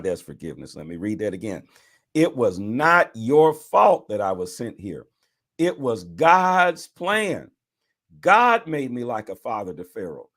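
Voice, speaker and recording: Man, bishop, bible reading, lively pitch, preacher asides.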